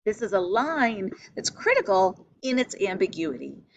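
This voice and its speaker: Woman lecturing with lively pitch. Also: unhurried, dull audio, slight background noise. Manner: explanatory, questioning, stresses key words. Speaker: literature teacher. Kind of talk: lecture on a play.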